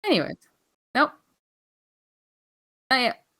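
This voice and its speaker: A woman's voice: sits high, sing-song, takes it slowly, pushed and bright. A young woman co-hosting a wrestling podcast, casual, playful and sarcastic, swearing freely. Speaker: podcast co-host. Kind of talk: casual chat.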